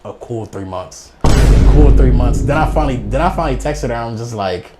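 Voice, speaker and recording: A man's voice: medium pitch, fairly quick, over loud music. A young man telling a funny personal story in slangy, rambling casual speech, laughing often as he goes. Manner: animated, laughs through the telling. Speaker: guest storyteller.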